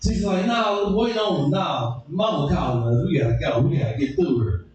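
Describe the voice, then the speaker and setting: A man doing stand-up, telling stories and acting out people with sudden shouts. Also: moderate pace, very echoey, recorded from a distance, poor audio. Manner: animated, acts out characters with sudden shouted high squeals. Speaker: stand-up comedian. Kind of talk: stand-up storytelling.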